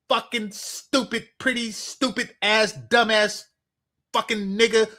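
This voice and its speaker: A man's voice: high voice, flat delivery, takes it slowly, pushed and bright. A man giving heated, profane commentary, repeating himself and swearing as he rants.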